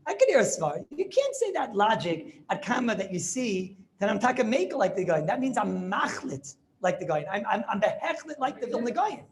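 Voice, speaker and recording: Animated male rabbi giving a halacha class. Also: high voice, a little fast, hardly any pauses. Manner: animated, rhetorical questions, yeshiva English full of Hebrew terms. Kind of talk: Talmudic halacha lecture.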